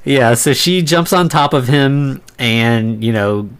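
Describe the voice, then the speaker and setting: A man's voice: medium pitch, lively intonation, slow pace, clear, resonant tone. A man co-hosting a podcast, recapping a movie in casual chat, rambling loosely and chuckling often. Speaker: podcast co-host.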